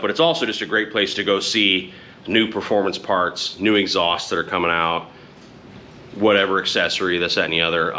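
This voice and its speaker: A man's voice: on the low side, pushed and bright, a little hiss or hum. A middle-aged man chatting casually to camera as a motorcycle vlogger, rambling and frank, often correcting himself.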